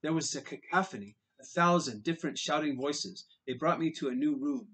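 A man's voice: on the high side, expressive, brisk, a bit bright, husky, low-quality recording. A man narrating a novel in the first person, earnest and dramatic in places. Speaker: audiobook reader. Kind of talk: audiobook narration.

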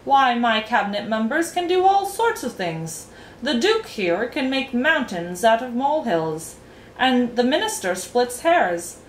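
A woman's voice: a little high, big pitch swings, a little hiss or hum, voice pushed up. A woman voicing an impatient, pompous male king who bellows commands. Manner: loud, commanding, drawn-out lines. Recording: roomy echo, faint ambience.

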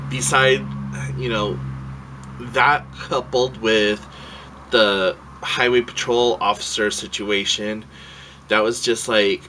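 A man's voice: on the low side, bright, forceful tone, slight background noise, poor audio. A man vlogging a casual rant, rambling and heartfelt, swearing freely and emotional as he tells his story.

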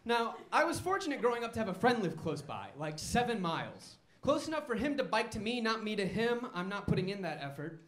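A male stand-up comedian telling wry, self-mocking stories on a comedy club stage. His bright, sharp voice rises and falls with lively swings in pitch. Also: fairly quick, hardly any pauses, roomy sound.

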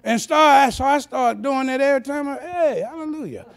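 Male pastor, high gravelly voice, folksy sermon that swells into sung shouts. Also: steady tone, fairly quick. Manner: folksy, chuckling preaching that builds to shouted, sing-song cadences.

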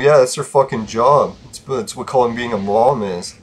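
A man's voice: mid-range voice, normal speed, darkish tone, soft background music. A man podcasting alone, venting bitterly in a casual, profane rant. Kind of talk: casual ranting monologue.

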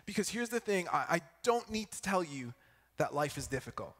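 A young man giving a sermon at church, telling a personal story in a lively way and checking in with the audience as he goes. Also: fairly high pitch, fairly quick. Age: young adult. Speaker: student preacher. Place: church hall. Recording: echoey church hall.

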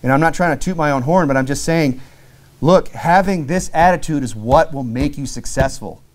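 A middle-aged man preaching a sermon from a church pulpit. His voice sits a little high for a man, and he talks in a loose, storytelling way, dropping in lots of "you know" and "right?" He reads scripture aloud, then puts it in plain words. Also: normal speed. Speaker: deacon preaching. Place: church sanctuary.

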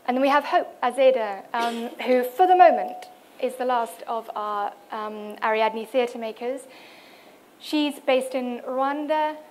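A woman's slightly high, a little mellow voice comes through unhurried with a faint hiss or hum. She's a UK conference speaker in an event hall, presenting at a cultural event and introducing fellow artists, hesitating, restarting, leaning on fillers, and reading quotes.

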